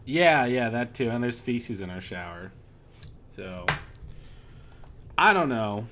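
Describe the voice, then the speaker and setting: A man's voice: medium pitch, sing-song, takes it slowly, noisy background. A man streaming while drinking, telling a rambling, profane anecdote in a casual way. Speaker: art streamer. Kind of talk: casual storytelling on a livestream.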